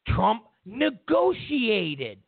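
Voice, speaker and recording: A man's voice: high voice, huge pitch swings, very slow, creaky, no echo. A man hosting a talk show, delivering a heated, mocking political monologue full of repeated phrases. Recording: tinny phone-like sound.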